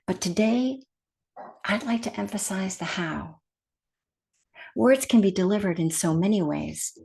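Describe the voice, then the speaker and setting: A woman meditation teacher speaking at an unhurried, deliberate pace. Her voice sits at an ordinary middle pitch, gentle and soft-spoken, and she sometimes sinks into a hushed whisper. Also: lively intonation, gravelly. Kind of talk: guided meditation talk.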